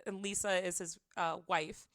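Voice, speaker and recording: A woman's voice: on the low side, fairly even intonation, normal speed, a bit bright, no echo, studio quality. A young woman livestreaming, casually telling a rambling personal story full of filler words. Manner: chatty, rambling, lots of "like" fillers.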